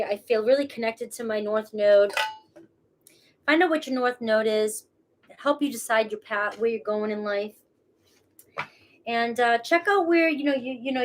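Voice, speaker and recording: A woman's voice: a little high, a little hiss or hum. A woman with a Boston accent, reading tarot cards live in a casual, chatty way and swearing freely. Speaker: tarot reader.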